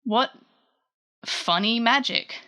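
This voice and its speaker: A woman's voice: on the high side, slow pace, bright, forceful tone. A woman voicing a small, cheeky male creature, playful and wondering.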